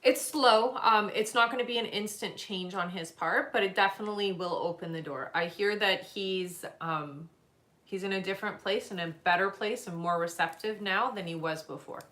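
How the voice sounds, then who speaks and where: A woman answers questions in a live psychic reading, her voice bright and forward. She speaks gently and reassuringly, pausing with fillers as she picks up impressions. The sound bounces around an echoey room. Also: medium pitch. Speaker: psychic reader.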